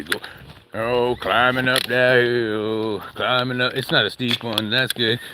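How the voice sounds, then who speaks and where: A man's voice: medium pitch, bright, forceful tone, a little hiss or hum. A man rambling jokily while live-streaming a walk outdoors with his dog, chatting to his viewers. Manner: jokey, rambling, talks to chat and his dog.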